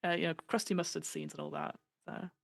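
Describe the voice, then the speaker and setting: A woman speaking quickly in a lowish, gravelly voice, chatting as a podcast guest. She talks animatedly and drops into the voices of the people she quotes. The sound is dry and close. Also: no echo. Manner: animated, acts out quoted voices, many fillers. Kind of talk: casual podcast chat.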